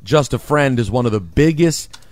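A man co-hosting a morning radio show, talking in emphatic, animated bursts. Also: medium pitch, normal speed, no echo.

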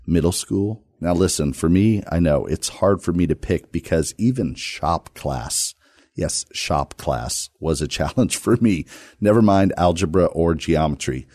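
A man hosting a radio Bible study podcast, talking casually with playful, self-deprecating jokes and sudden lively jumps. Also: deep voice, dry recording, studio quality. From Virginia, US.

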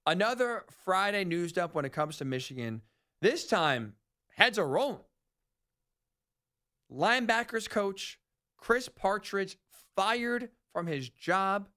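A man hosting a sports talk radio show, rambling and animated, often correcting himself mid-sentence. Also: sits high, slow.

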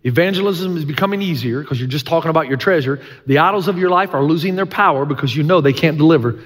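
A middle-aged pastor delivers an earnest sermon in a slightly high voice. His delivery is emphatic and folksy, and he repeats his main points. A long reverb trails each phrase, as it would in a large church hall. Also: fast. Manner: earnest, emphatic preaching with folksy humor and repetition.

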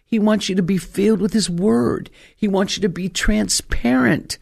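An older woman evangelist preaching with force. She fires off rhetorical questions and lands her points with emphasis, her voice climbing to loud peaks. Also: mid-range voice, moderate pace, gravelly. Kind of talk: sermon.

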